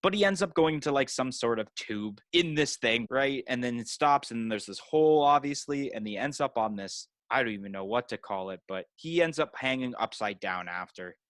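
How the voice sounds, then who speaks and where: A man's voice: mid-range voice, lively intonation, normal speed, few pauses, a bit bright, no echo. A man co-hosting a podcast, retelling a movie in loose casual chat with lots of "you know" and "like" fillers. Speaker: podcast co-host.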